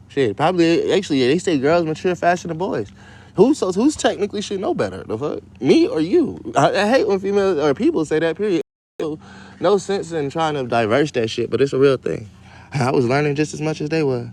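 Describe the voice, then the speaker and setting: A man casually reading a children's story aloud and breaking off into loud, profane, joking commentary. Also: medium pitch, animated, brisk. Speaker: radio show host reading to kids.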